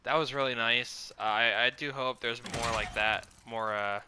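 A man's voice: medium pitch, steady tone, normal speed, background noise. A congested man giving casual let's play commentary, chatting and thinking aloud while he plays. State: congested from allergies.

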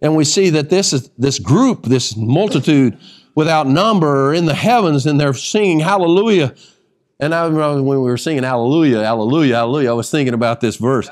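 High-voiced man teaching scripture. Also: animated, brisk. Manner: emphatic, restarts phrases, reads scripture aloud. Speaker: Bible teacher. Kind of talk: sermon teaching.

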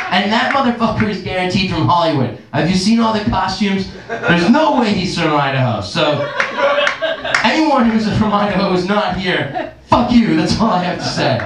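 A man doing a stand-up comedy set, his voice pitched high as he rambles crudely through his bits. The sound is picked up from a distance, and it rings off the walls of a very echoey club. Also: noisy background.

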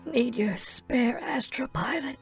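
A high, breathless pleading voice of a dying alien that passes itself off as a woman, as a male narrator puts her on. She speaks slowly and faintly, begging for help, with soft music behind her in this storybook reading. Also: animated, vocal fry, heavily acted. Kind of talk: audiobook reading.

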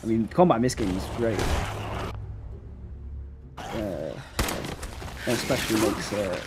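A young man giving casual let's-play commentary, chatty and slangy with excitable bursts. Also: lowish voice, slow, very noisy. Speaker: gameplay commentator.

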